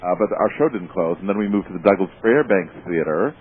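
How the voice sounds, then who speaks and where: A man's voice: low-pitched, quick pace. A man with a Boston accent, a show's writer and creator, chatting as a guest with many fillers and a rambling way of talking. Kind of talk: casual interview on a phone line. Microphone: phone. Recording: tinny phone line, faint hiss.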